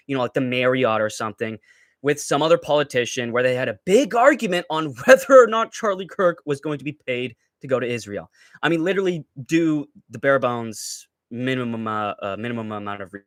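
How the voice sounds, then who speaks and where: A man's voice: fairly high pitch, no echo, clean studio sound. A young man hosting a livestream, ranting with heated, profane, mocking commentary. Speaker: livestream host.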